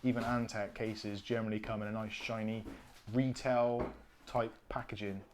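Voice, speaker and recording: A man's voice: fairly low pitch, flat delivery, moderate pace, slight background noise. Chatty, jokey man hosting a live stream. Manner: chatty, jokey, thinks aloud while unpacking; blunt, opinionated asides. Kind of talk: casual live-stream chat.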